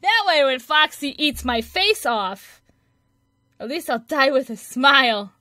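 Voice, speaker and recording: A young woman hosting a let's play of a horror game, chattering excitedly and shrieking at scares. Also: high voice, measured pace, a little hiss or hum. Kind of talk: excitable gameplay commentary. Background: game music.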